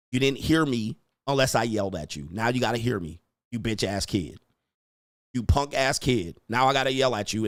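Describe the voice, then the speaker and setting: A man's voice: mid-range voice, no room sound, clean studio sound. A man giving casual, profane reaction commentary on parenting clips, blunt and laughing often.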